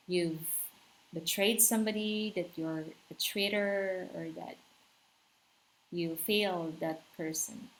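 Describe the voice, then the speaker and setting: Slow-talking woman teaching literature. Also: mid-range voice. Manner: explanatory, asks rhetorical questions. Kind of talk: literature lecture.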